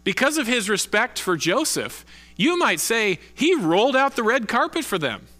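A man preaching a sermon from the pulpit as pastor, earnest and deliberate, leaning on key words with slow emphasis. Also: very high-pitched, very animated, pushed and bright, big-room sound.

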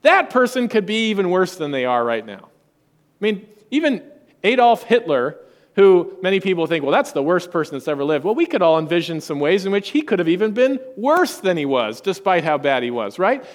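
A pastor preaching a sermon, emphatic and rhetorical. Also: male voice, high-pitched, sing-song, moderate pace, big-room sound.

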